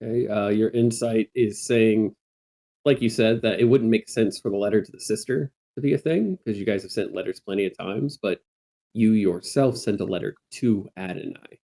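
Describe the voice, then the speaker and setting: A man narrates a tabletop game as its dungeon master, calmly describing what the players find and asking them for checks. His voice sits low with a warm, mellow tone. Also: moderate pace.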